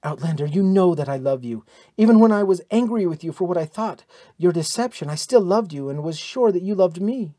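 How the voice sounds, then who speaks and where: A man's voice: high-pitched, animated, brisk, mellow, no echo, pitched above the performer's own voice. Proud warrior princess, man reading her lines, earnest and bossy, dry close sound. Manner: earnest, commanding.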